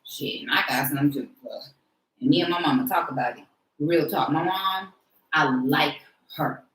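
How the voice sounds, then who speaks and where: A woman's voice: deep voice, moderate pace, fairly bright tone, reverberant, poor audio. Slangy, frank woman in her forties. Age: 40s. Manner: frank, slangy, laughs often. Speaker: podcast host. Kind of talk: casual chat.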